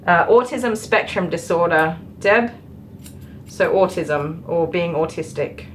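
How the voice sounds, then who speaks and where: Aussie groomer lady chatting on a stream, lowish voice, um-ing a lot, little bit of salon noise. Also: slow pace, low-quality recording. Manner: chatty, laughs often, many ums. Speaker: dog groomer and live stream host. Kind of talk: casual chat while working.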